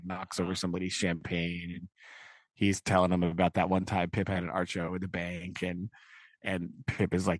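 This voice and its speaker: A man's voice: deep voice, dry recording. A man co-hosting a podcast, recapping a film in casual, rambling chat full of filler words. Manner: rambling, many filler likes. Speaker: podcast co-host.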